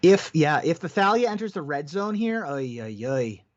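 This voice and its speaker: A man calls a card game tournament with a slightly high-pitched voice, breaking down each play in detail. His audio comes through dull and lo-fi, like a streamed mic. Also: sing-song, moderate pace. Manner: analytical play-by-play. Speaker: tournament commentator. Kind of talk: live game commentary.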